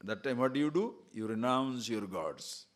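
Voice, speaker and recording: A man's voice: mid-range voice, very animated, normal speed. A male spiritual teacher giving a lecture on scripture. He talks earnestly, builds points in lists and keeps telling listeners to listen carefully.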